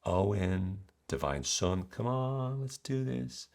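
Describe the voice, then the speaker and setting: A man's voice: fairly low pitch, expressive, slow, gravelly, darkish tone, full character voice. A man acting out an adventurous mother coaxing her son out on an adventure, in an eager, coaxing way.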